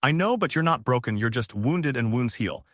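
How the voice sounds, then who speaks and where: A man voicing a tired, gentle middle-aged father who speaks softly and carefully. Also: mid-range voice, expressive, moderate pace, no room sound, clean studio sound, close to an everyday voice. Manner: soft and careful.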